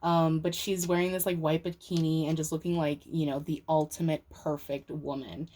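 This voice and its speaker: Low-voiced woman giving a rambling tarot reading. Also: flat delivery, normal speed, dark tone. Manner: rambling, filler-heavy, swears casually. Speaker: tarot reader. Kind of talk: casual tarot reading to camera.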